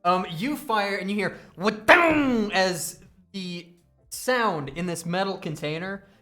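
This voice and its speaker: Bright-voiced man running a tabletop game. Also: sits high, faint music behind. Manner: loose, swearing, quick asides. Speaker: game master.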